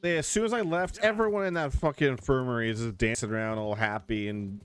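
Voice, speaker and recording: A man's voice: mid-range voice, fast talker, hardly any pauses. A man streaming a video game, chatting casually, sarcastic and swearing often. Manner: animated, sarcastic, swears a lot. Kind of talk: casual gameplay commentary.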